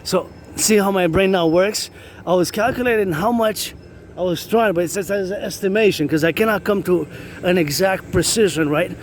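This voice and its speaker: A man rambles as he walks, circling back over the same phrases while he thinks aloud. His voice sits a little high for a man. Loud city street noise and passing traffic surround his phone mic. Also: moderate pace. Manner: rambling, repetitive, thinks aloud, chants cadences. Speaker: vlogger. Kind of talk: rambling walking vlog.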